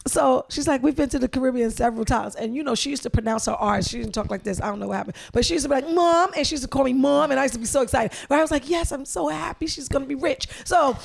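Animated, gravelly middle-aged New woman. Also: high-pitched, very fast, hardly any pauses. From New York. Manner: animated storyteller, bursts into loud exclamations and laughter. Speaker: podcast co-host. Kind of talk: casual chat.

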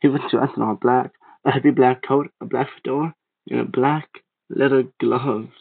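A man reading a creepypasta aloud, steady but stumbling and restarting now and then. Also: medium pitch, normal speed, vocal fry, slightly rough. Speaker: narrator. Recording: tinny phone-like sound.

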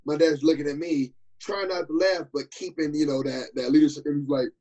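A young man chatting casually, telling animated, slangy stories and acting out the quotes. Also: on the high side, fairly quick, muffled recording. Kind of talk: casual chat.

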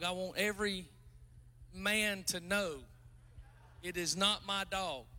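A male preacher with a high, bright voice, talking to the congregation like a friend over dinner. He jokes at his own expense and then breaks into loud praise. His tone stays forceful and ringing throughout. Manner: chatty, self-mocking, bursts into loud exclamations. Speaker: guest pastor. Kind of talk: casual joking sermon.

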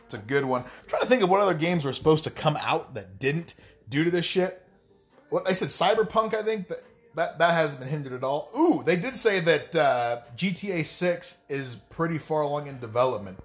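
A man's voice: a little high, animated, brisk, breathy edge. A man talking straight to his audience in a casual, rambling monologue, swearing freely and tossing in wry asides. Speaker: gaming vlogger.

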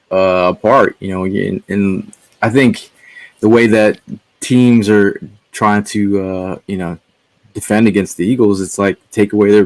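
Laid-back man with a low, dry voice. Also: no room sound. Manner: rambling, filler-heavy, laid-back. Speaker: podcast guest. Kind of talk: casual sports podcast chat.

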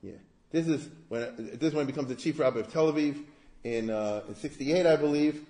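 A man gives an informal history lecture, conversational and digressive, often asking rhetorical questions. His voice is mellow. The room gives noticeable echo. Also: fairly high pitch, a little fast.

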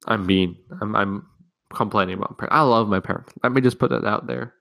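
A man's voice: lowish voice, quick pace, vocal fry, a bit bright. A teenage man hosting a solo podcast, rambling frankly and casually with frequent swearing. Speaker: podcast host.

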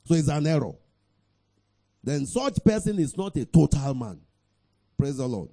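Gravelly, animated preacher. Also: male voice, a little high. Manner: emphatic, drawn-out scripture reading with bursts of shouting, repeats "Praise the Lord". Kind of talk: sermon.

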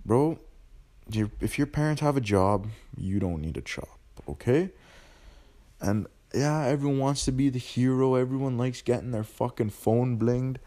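A man's voice: medium pitch, normal speed. A young man hosting a podcast, ranting bluntly in profane street slang. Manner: animated, ranting. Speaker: podcast host. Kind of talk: casual monologue.

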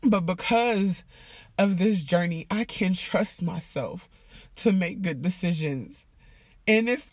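A woman's voice: mid-range voice, a little mellow, slightly rough, no echo. Woman vlogger, heartfelt and casual, swears easily, dead dry recording. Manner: emotional, heartfelt, profane and casual. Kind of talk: candid personal vlog talk.

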